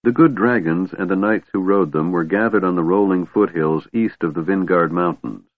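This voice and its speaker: A man narrating a fantasy audiobook in a steady, measured storytelling manner. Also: deep voice, no echo. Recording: tinny phone-like dry sound.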